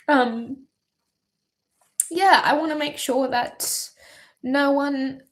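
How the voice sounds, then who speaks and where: A woman's voice: high voice, very slow, pauses often. Teary young woman, candid and swearing. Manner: candid, swears heavily, many ums. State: teary, voice wavering. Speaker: singer-songwriter streaming live. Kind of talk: emotional livestream chat.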